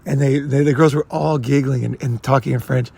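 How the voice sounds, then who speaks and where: Gravelly, profane American man telling stories. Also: medium pitch, a little fast. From United States. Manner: profane, rambling, animated storyteller. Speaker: channel host. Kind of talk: casual storytelling monologue.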